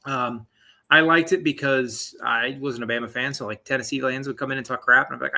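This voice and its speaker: A man's voice: medium pitch, steady tone, a little fast, gravelly, pushed and bright. A man in his late twenties hosting a live sports talk show, rambling and chatty with many fillers and asides. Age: 20s. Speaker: sports podcast host.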